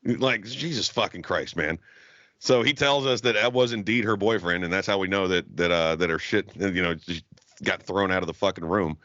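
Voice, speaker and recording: Low-pitched and bright with a pushed delivery, a young man tells a long story at a moderate pace while co-hosting a podcast. He's a profane, laughing, rambling storyteller in casual chat. The recording is dry, yet dull and lo-fi.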